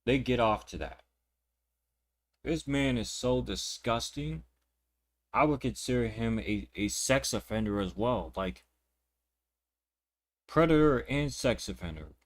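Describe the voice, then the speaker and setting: A man's voice: mid-range voice, lively intonation, unhurried, pauses often. A young man ranting indignantly while reacting to clips, talking in a profane, repetitive way. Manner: repeats words and restarts sentences. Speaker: reaction channel host. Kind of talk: reaction commentary.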